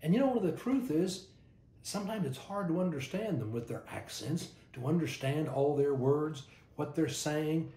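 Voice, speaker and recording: A man's voice: on the high side, animated, normal speed, reverberant. An older man from Texas with a Texan accent, a pastor telling stories in a folksy devotional talk, often repeating his first word. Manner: warm anecdotal, repeats words at starts.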